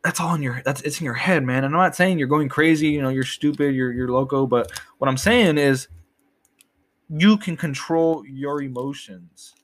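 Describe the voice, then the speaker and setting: A man's voice: mid-range voice, normal speed. A young man in a casual, rambling monologue, swearing often and repeating himself as he talks.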